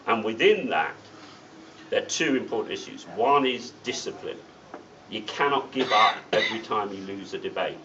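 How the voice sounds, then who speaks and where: A man's voice: fairly low pitch, lively intonation, normal speed, sharp tone, recorded from a distance. A middle-aged man addresses a meeting, blunt and wry, dropping sardonic asides between his points. He sounds set back from the microphone, and the sound is dull. A faint hiss sits under his voice. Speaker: guest speaker at a political meeting. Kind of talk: political speech. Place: meeting room.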